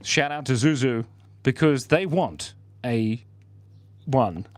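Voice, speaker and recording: A man's voice: mid-range voice, slow pace, no echo. A man hosting a casual livestream, drawing while he reads out viewers' chat messages, joking and laughing as he goes.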